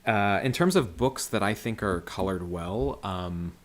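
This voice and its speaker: On a livestream, a man colors comics and talks casually about his process, rambling with lots of fillers and restarts. His voice is lowish and a little slow.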